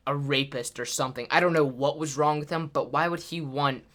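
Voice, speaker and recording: A man's voice: on the high side, steady tone, brisk, sharp tone. A teenage boy telling a story in a casual, rambling way, full of fillers. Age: teens. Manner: rambling, filler-heavy retelling. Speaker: YouTuber.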